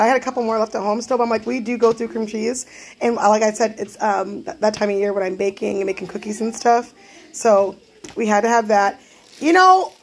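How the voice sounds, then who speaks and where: A woman's voice: fairly high pitch, slight background noise. A woman, a mother of six vlogging casually from her home kitchen at night, chatty and rambling. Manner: chatty, rambling, loses track. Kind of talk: casual vlog chat.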